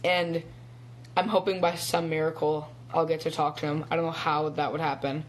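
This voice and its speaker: A man's voice: on the high side, little pitch movement, normal speed, slight background noise. A teenage boy chatting casually on a phone live stream, rambling with lots of ums and little laughs. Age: teens. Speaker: young actor live-streaming. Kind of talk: casual chat.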